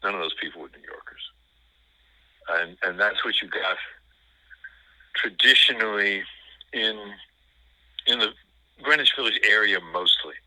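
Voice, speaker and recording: An older man with a New York accent, talking in an interview in a rambling, halting way with many fillers and restarts. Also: lowish voice, sharp tone, no echo, low-quality recording. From New York City. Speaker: guest. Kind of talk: conversational interview.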